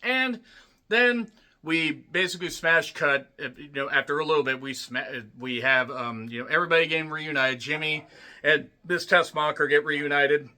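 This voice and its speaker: Male film reviewer, slightly high, very bright and sharp voice, loose profane rambling delivery with throat clearing. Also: normal speed. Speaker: movie reviewer. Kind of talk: casual spoken film recap.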